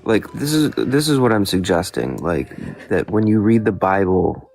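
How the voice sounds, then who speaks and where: A man's voice: lowish voice, very animated, normal speed, vocal fry, a little mellow. A man on a live stream asking probing questions about scripture in a casual debate.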